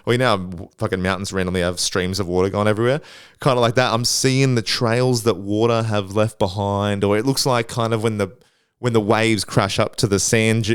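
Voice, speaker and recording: A man's voice: fairly low pitch, clean tone, no room sound, studio quality. A young man hosting a podcast, telling rambling travel stories in a laid-back, profane way. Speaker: podcast host. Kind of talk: casual storytelling.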